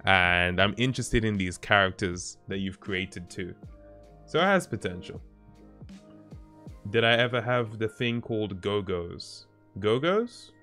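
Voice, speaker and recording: A man's voice: on the low side, a little slow, sharp tone. A man livestreaming who chats casually with his viewers, laid-back and often chuckling as he reacts to their posts. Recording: stream with faint background music.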